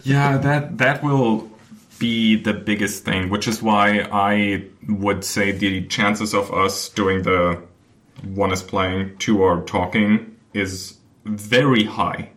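A man co-hosting a podcast in a relaxed, easygoing chat. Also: lowish voice, slow, slight background noise. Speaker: podcast co-host. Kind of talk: casual chat.

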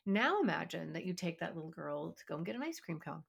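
A woman's voice: on the low side, sing-song, quick pace, gravelly, slightly rough. Earnest woman hosting a parenting podcast. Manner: earnest, emphatic, acts out parent and child lines. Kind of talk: solo podcast teaching talk.

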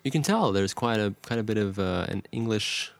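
Fast-talking low-voiced male podcaster. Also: animated, vocal fry, dry recording. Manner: quick, agreeable, jokey. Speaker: podcast co-host. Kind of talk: casual chat. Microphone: studio mic.

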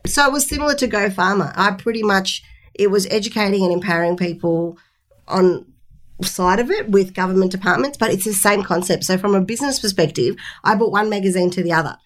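Animated Australian woman telling stories. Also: medium pitch, brisk, a little hiss or hum. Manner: animated storyteller, laughs often. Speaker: magazine publisher, guest. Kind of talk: casual interview chat.

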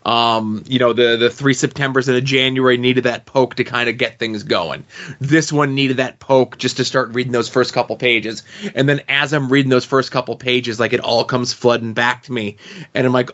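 Podcast dude thinking out loud about comics, repeats himself, lo-fi. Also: male voice, mid-range voice, fairly even intonation, moderate pace. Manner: thinks aloud, repeating himself in reflective asides. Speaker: podcast co-host. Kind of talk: casual podcast discussion.

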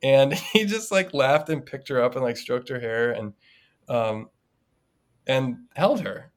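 A priest co-hosting a podcast tells a personal story in a casual, reflective conversation, getting animated during anecdotes. His voice sits in the mid range and moves a little slowly.

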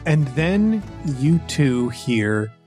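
A man's voice: mid-range voice, sing-song, very slow, darkish tone, faint music behind. A man narrating as game master, describing scenes with many fillers. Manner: descriptive, with frequent likes.

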